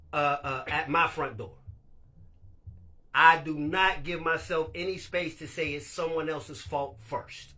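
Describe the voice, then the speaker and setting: High, bright-voiced man hosting a live chat. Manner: candid, loose, laughs often and swears; speaks of being a leader. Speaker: live stream host.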